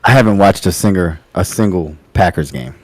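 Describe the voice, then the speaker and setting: A man with a low voice chats casually on a podcast, cracking jokes and teasing his co-host. His delivery rises and falls a lot as he laughs through his own bits. The sound is dry and close. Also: animated, moderate pace, no room sound. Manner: joking, teasing, laughs often. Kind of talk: casual chat.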